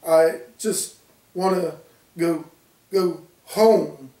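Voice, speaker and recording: A man's voice: on the high side, fairly even intonation, slow, a little mellow. A man reading a horror story, voicing a terrified young woman who pleads in a raised voice. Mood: pleading. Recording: roomy, distant from mic.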